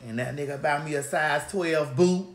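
A woman's voice: low voice, normal speed. A woman hosting a casual chat, telling brash, profane, rambling stories. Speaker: host. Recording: roomy echo.

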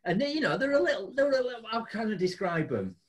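A high-pitched man tells a story in a lively, sing-song voice, jumping up into squeaky exclamations. He is a chatty host who laughs through much of what he says. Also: quick pace. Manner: animated, laughing storyteller with big pitch jumps. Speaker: podcast host. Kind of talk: casual storytelling chat.

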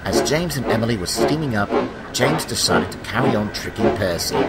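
A man narrating a children's story in a calm, measured way, over loud background music. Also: mid-range voice, very noisy.

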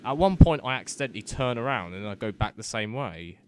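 A man's voice: fairly low pitch, expressive, a little fast, a little hiss or hum. Flustered young man gaming commentary. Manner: flustered, self-mocking, swears under his breath, sudden loud outbursts. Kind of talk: let's-play commentary.

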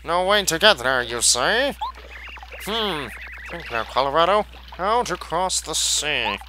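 A man's voice: a little high, sing-song, takes it slowly, background noise. A man voicing a pompous male archaeologist explorer in a put-on posh British accent, plummy and theatrical.

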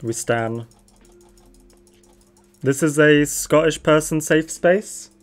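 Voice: mid-range voice, slow, faint music behind. A young adult streamer chatting casually over a game, playful, giggly and teasing. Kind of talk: casual gaming chat.

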